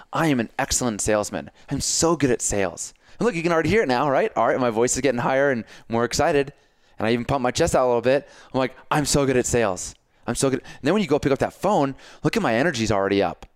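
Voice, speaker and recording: A man hosting a casual podcast chat, coaching and telling stories in an animated way, acting out his own self-talk. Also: mid-range voice, no echo, studio quality. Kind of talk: casual conversation.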